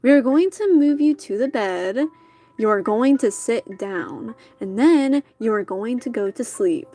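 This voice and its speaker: Grumpy rabbit man, scolding, read by a woman, slow and firm. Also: fairly high pitch, animated, mellow, soft background music. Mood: stern.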